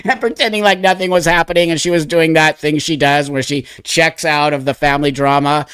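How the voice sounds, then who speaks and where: Man, 60s, livestream host, emotional, profane storyteller, slightly high voice, dry close sound. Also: a little fast, hardly any pauses, smooth, dry recording. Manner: emotional, profane, animated retelling with acted-out quotes.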